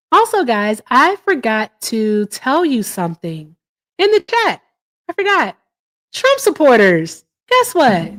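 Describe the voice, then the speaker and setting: A woman hosting a heated live-stream debate. She is combative, repeats her points, talks over her caller and speaks casually with "y'all". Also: a little high.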